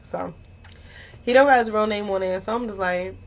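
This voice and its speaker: A woman in her twenties telling a story in a casual vlog, animated and exclamatory, swearing freely and talking straight to her viewers. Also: mid-range voice, normal speed. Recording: dull lo-fi audio.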